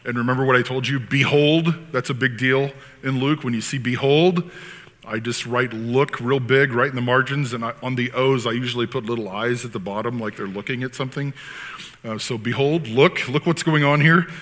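A man preaching a sermon as pastor, talking in an animated, conversational way with frequent asides. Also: medium pitch, normal speed. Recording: long hall reverb.

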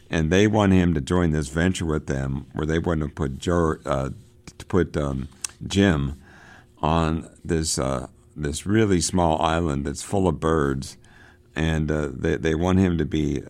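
A man with a very low, deep voice reads passages from a novel, slowing down and leaning on the words. Between passages he talks them over like a teacher, halting and restarting, full of fillers. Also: a little mellow. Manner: halting, many fillers and restarts in his own comments; reads passages slowly and with emphasis. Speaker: literature teacher reading and discussing a novel. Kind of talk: reading aloud and commenting on a book.

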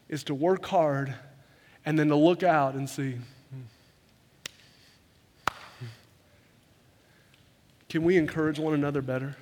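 A man preaching a sermon to his congregation in an earnest, conversational way, often repeating words as he rushes ahead. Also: on the high side. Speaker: pastor. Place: church sanctuary. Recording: long hall reverb.

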